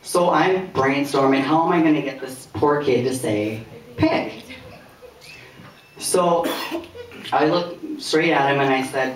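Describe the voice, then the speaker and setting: Man telling stand-up stories in an echoey room. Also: medium pitch. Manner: conversational, anecdotal, with filler pauses. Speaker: stand-up comedian. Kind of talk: stand-up storytelling. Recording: echoey room heard from a distance.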